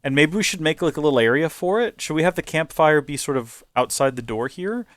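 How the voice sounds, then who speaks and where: A man's voice: fairly high pitch, lively intonation, fairly quick, fairly bright tone, no room sound. A young man hosting a video game playthrough, chatting in a rambling, playful way. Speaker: host.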